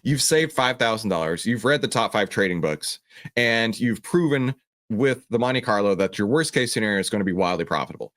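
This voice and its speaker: Answering viewer questions on a stock trading livestream, a man with a fairly low voice talks a little fast. Passionate and animated, he performs others' voices, at one point mimicking a panicking trader.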